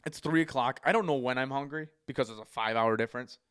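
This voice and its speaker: A man's voice: medium pitch, fast talker, a bit bright, smooth, no room sound, clean studio sound. An American man hosting a podcast, telling a long travel story in casual chat, swearing often and rambling. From United States. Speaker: podcast host.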